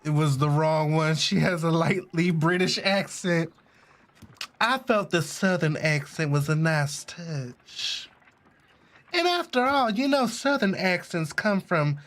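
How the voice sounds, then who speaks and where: A man's voice: a little high, expressive, measured pace, fairly bright tone. Sassy man doing game commentary. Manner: sassy, laughing asides, reads game text aloud. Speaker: gaming streamer. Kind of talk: casual let's-play commentary.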